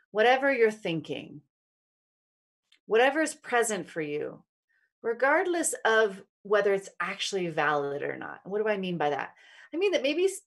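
Earnest woman teaching, chatty and warm-hearted. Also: mid-range voice. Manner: earnest, conversational, addresses listeners as guys. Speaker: spiritual teacher. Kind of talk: casual teaching monologue.

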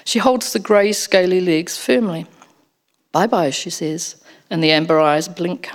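Lady reading a story out loud, first person, lowish voice, expressive. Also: a little slow. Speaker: narrator. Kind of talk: audiobook narration.

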